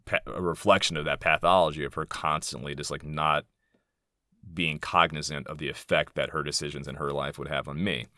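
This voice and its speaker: A man's voice: rumbling low, steady tone, brisk, bright, forceful tone, no room sound, clean studio sound. A man in his thirties hosting a solo podcast, talking candidly and rambling, profane and heated when indignant. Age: 30s. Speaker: podcast host.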